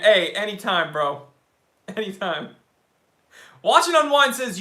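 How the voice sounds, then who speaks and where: A man hosting a watch channel livestream, reading viewer comments aloud and answering in a joking, excitable way. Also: sits high, moderate pace, pauses often. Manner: excitable, joking, talks to chat as bro. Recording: roomy echo.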